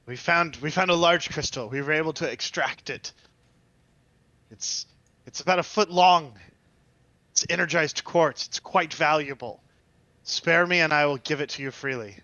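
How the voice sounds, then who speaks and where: A man's voice: a little high, moderate pace, long pauses, bright, forceful tone, no room sound, lo-fi sound. A man voicing a trapped bandit who bargains for his life in plain, pleading speech. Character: trapped surly male bandit, cowed and bargaining.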